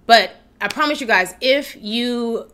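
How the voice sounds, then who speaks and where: Hosting a relaxed live Q&A at home, this wedding planner offers straightforward, conversational advice and voices the people she quotes in a higher register. She speaks unhurriedly, with a clean, somewhat bright tone.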